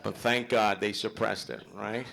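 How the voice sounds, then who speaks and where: A middle-aged man doing loud, animated, swearing stand-up storytelling at a club show. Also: lowish voice, a little slow, vocal fry, a faint crowd. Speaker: stand-up comedian. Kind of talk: live stand-up comedy. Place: club event hall with live audience.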